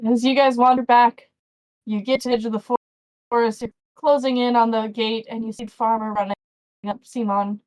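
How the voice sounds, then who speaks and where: A woman's voice: fairly high pitch, steady tone, a little fast, a little mellow, low-quality recording. A woman running a tabletop game as game master, narrating casually and a little flustered.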